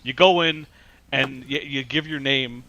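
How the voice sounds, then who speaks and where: A man hosting a podcast, telling stories in a lively way, laughing often and restarting his sentences. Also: medium pitch, measured pace. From New York. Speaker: podcast host. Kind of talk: casual chat.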